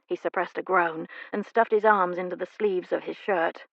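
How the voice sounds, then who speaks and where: A woman narrating a romance audiobook with a steady, measured, gravelly reading. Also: fairly low pitch, no echo, highs cut off. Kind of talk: scripted narration.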